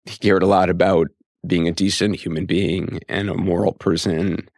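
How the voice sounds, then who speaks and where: A man talks as a guest in a relaxed interview, thoughtful and a little hesitant. He often restarts and fills pauses as he searches for words. His voice sits very low and sounds dry and close to the mic. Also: no echo. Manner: reflective, hesitant with fillers and restarts. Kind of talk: conversational interview.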